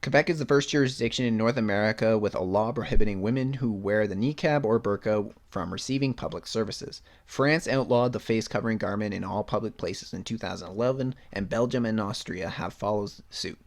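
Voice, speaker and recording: A man's voice: on the low side, fairly quick, few pauses. A young man hosting a solo podcast, reading news items aloud and breaking off into blunt, sarcastic rants with swearing. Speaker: podcast host.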